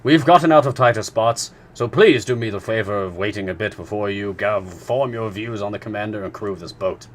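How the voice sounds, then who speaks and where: A man's voice: fairly low pitch, brisk, hardly any pauses, close to an everyday voice. A man reading a novel aloud, voicing a learned professor who speaks emphatically and exclaims. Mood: emphatic.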